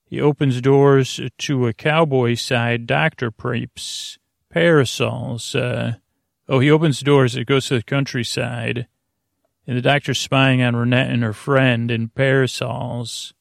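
A man's voice: mid-range voice, vocal fry, no echo, clean studio sound. A man recapping an episode in a casual, rambling way, full of fillers and restarts. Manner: halting, lots of "uh" fillers and restarts; quotes characters in a plain voice. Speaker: podcast host recapping an episode.

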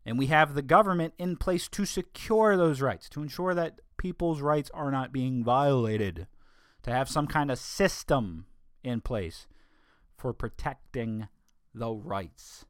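A man's voice: mid-range voice, expressive, no room sound. Guy ranting about politics, sarcastic, drags out words for emphasis, dead dry audio. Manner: emphatic, sarcastic asides, slows down to stress words. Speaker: political commentator. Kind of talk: opinion monologue.

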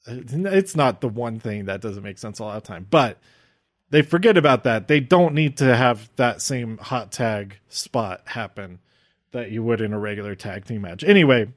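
A man's voice: medium pitch, expressive, normal speed, no echo, clean studio sound. A man giving a casual, enthusiastic and rambling recap of a wrestling show as its reviewer. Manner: enthusiastic, rambling fan talk.

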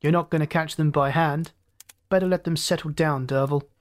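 A narrator doing a crisp, urgent first mate. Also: mid-range voice, steady tone, normal speed, lightly acted. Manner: crisp, commanding. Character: terse, urgent male first mate of a freighter.

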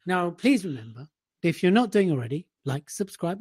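A man's voice: on the high side, animated, moderate pace, a little mellow, breathy edge, no room sound. Dry-humored male podcast co-host. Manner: playful, dry teasing. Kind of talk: casual banter.

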